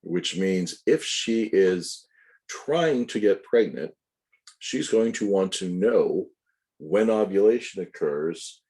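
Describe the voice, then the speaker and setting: Deep-voiced and mellow with a dark tone, a man teaches anatomy in a recorded lecture. Each point is taken in order, with pauses where he fixes his wording or adds notes for his students.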